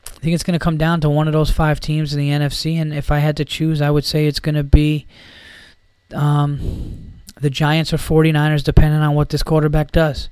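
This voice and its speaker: A man rants heatedly about football, swearing freely and rambling from point to point. His voice sits a little high for a man. The sound is dry and close, with no room around it. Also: monotone, fairly quick, darkish tone, clean tone, dry recording. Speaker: podcast host. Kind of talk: casual sports rant.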